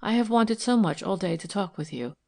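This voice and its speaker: Woman reading as a weary, soft-spoken wife. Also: medium pitch, expressive, fairly quick, creaky. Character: tired, gentle wealthy wife, worried. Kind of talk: audiobook character reading.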